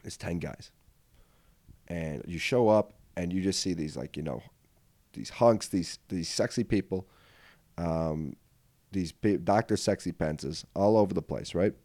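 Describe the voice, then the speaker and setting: A man's voice: sits low, mellow, no room sound, studio quality. A male podcast host telling a comedic story in a rambling way, often checking in with "right?".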